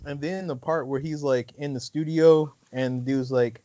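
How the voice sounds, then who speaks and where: A man's voice: mid-range voice, steady tone, warm tone, no room sound, lo-fi sound. A man in casual chat about a TV episode, talking in a laid-back way and laughing often. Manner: slow, laid-back, laughs often, drops in short reactions. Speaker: co-host.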